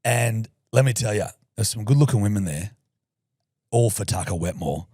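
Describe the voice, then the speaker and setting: A young adult man with an Australian accent, co-hosting a podcast and telling crude, jokey stories in a loud, lively voice. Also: lowish voice, moderate pace, no echo, studio quality. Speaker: podcast co-host. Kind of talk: casual chat.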